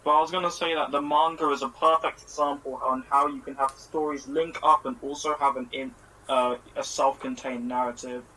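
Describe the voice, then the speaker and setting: A man's voice: medium pitch, steady tone, brisk, pushed and bright, low-quality recording. A man in a casual voice-call chat, eagerly explaining a point at length. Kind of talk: casual chat about an anime. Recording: voice call with faint noise.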